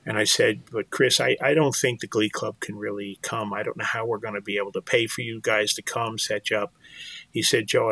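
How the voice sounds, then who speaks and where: A man's voice: fairly low pitch, pushed and bright, no room sound. An older man, telling a personal story earnestly as an interview guest, often repeating words as he goes. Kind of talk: storytelling in conversation.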